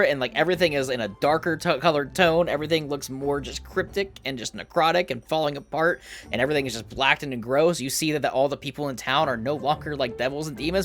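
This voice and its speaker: A man's voice: mid-range voice, a bit bright. Casual, swearing game master, man. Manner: casual, swears, laughs often. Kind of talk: narrating a tabletop game.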